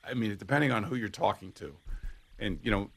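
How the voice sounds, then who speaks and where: A man's voice: lowish voice, brisk, gravelly. A middle-aged man co-hosting a sports radio show, telling meandering stories full of hesitations in casual banter. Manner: meandering anecdote-telling with stop-start hesitations. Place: radio studio.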